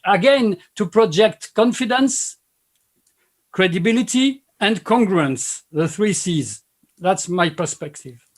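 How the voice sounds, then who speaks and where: A man with a French accent speaks as a panel guest, his voice sitting high. He makes his points emphatically and stacks repeated phrases. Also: expressive, takes it slowly. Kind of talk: panel discussion.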